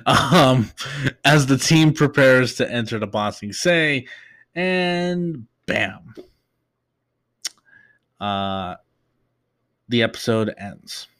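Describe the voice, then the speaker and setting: A man's voice: medium pitch, slow pace, a bit bright. A young man hosting a casual recap show, talking in a loose, rambling way with many fillers and restarts. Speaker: podcast host.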